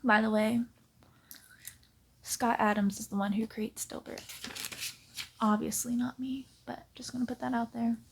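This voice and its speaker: A woman talking in a soft-spoken ASMR reading style, hushed and half-whispered, with giggly asides close to the mic. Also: fairly high pitch, level tone, a little slow, vocal fry, pauses often, slightly rough. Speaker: ASMR creator.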